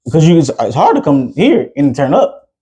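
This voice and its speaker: A man talking quickly in a loose, conversational podcast chat, his voice dark and a little husky. He speaks as a father and keeps tossing in "you know what I'm saying" between thoughts. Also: on the high side, very animated. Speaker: podcast co-host; father of a preteen son. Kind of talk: casual chat.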